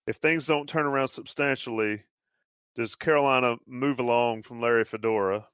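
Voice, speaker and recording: A man's voice: mid-range voice, smooth, dry recording, studio quality. Laid-back male sports radio host. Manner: relaxed, halting, lots of fillers. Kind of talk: casual sports talk.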